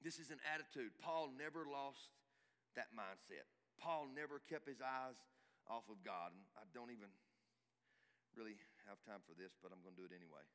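Pastor preaching in a reverberant hall. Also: male voice, medium pitch, normal speed, smooth. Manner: emphatic preaching with big swings from shouting to hushed. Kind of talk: sermon. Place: church hall.

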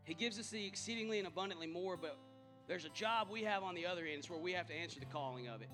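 Impassioned high-voiced male pastor preaching. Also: lively intonation, quick pace, music in the background. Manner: impassioned preaching that builds to emphatic peaks. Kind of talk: sermon. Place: church sanctuary.

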